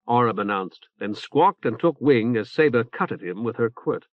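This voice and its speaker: A man narrating an audiobook in an even, unhurried manner. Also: mid-range voice, dry recording. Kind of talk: audiobook reading. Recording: tinny phone-like cassette recording.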